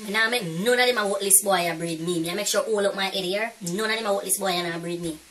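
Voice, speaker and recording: A woman's voice: mid-range voice, fast, noisy background, lightly acted. A woman playing a sassy young Jamaican gossip. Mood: boastful. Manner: loud, sassy, gossipy patois chatter. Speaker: comedy sketch character. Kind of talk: comedy sketch. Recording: voice from a distance off the mic.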